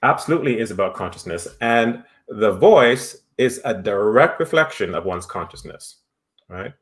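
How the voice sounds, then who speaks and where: A man's voice: lowish voice, expressive, moderate pace, a bit bright. A man, a voice and acting teacher talking in a conversational interview, who keeps stressing his points and tagging them with "right?". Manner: emphatic, tags statements with "right?".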